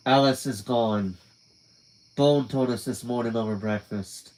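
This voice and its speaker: A man's voice: medium pitch, unhurried, darkish tone, rough recording. Young man reading a novel aloud at night. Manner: casual, laughs and swears in asides. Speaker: reader. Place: quiet room at night.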